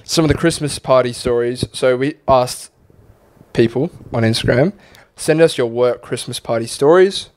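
A man's voice: mid-range voice, moderate pace, a little mellow. A man co-hosting a casual podcast, swearing freely and reading listener stories aloud. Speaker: podcast co-host.

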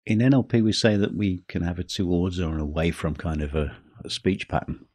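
A man hosting a teaching podcast, talking in a measured way and slowing down for emphasis. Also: low-pitched, fairly even intonation, a little mellow, no room sound. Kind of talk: scripted podcast talk.

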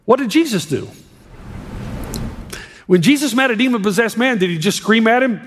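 A man preaching a sermon as a pastor, impassioned, swinging between hushed and emphatic delivery. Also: very high voice, animated, moderate pace, long pauses. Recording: long reverb of a large hall.

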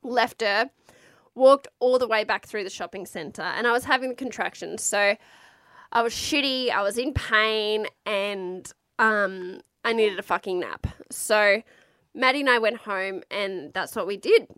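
A woman's voice: mid-range voice, measured pace, a bit bright, no room sound, studio quality. A woman, frankly recounting her birth story in a casual, chatty way, swearing freely.

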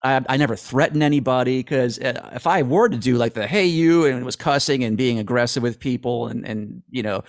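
Man, interview guest, rambling, self-deprecating, frequent restarts, average pitch, dry close sound. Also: fairly quick, hardly any pauses, no room sound. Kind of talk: casual interview answers.

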